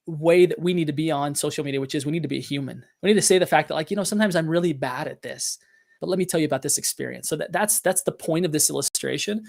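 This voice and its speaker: Earnest and confessional, this middle-aged podcast host offers motivational business talk laced with fillers and restarts. His pitch runs fairly high, with vocal fry.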